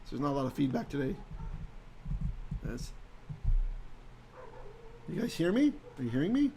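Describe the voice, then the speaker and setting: A man teaching a live-streamed Hebrew Bible lesson in a conversational way, often asking "right?" and reading Hebrew verses slowly aloud. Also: a little high, big pitch swings, mellow, a little hiss or hum.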